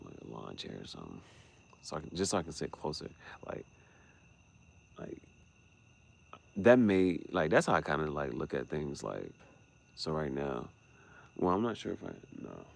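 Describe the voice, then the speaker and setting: A man vlogging late at night, thinking out loud and trailing off into mutters and restarts. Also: rumbling low, very animated, normal speed, creaky, pauses often, a little hiss or hum. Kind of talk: late-night rambling vlog.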